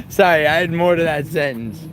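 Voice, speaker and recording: A young man, livestreaming outdoors on a city street and trading profane, teasing banter with his chat. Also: a little high. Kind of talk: casual livestream chat with viewers. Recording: faint street and traffic noise.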